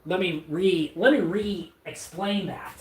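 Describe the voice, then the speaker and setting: Picked up from a distance in an echoey room with faint noise, a streamer chats casually on a live stream while putting furniture together. The mid-range, darkish voice moves slowly through a rambling, self-mocking commentary packed with stammered restarts.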